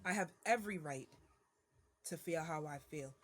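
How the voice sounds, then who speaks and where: A woman's voice: deep voice, normal speed. A mother venting to her viewers in a casual monologue, irritated and ranting, with many fillers and restarts.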